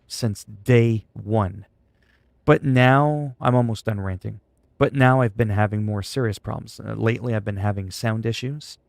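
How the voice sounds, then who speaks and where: A man's voice: on the low side, vocal fry, no room sound. A man livestreaming from his computer, venting in a frustrated, sarcastic way during casual stream chat.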